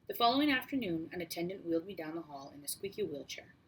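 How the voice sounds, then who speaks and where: A woman narrating a first-person audiobook in a steady, measured way. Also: lowish voice, husky, rough recording. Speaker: audiobook reader.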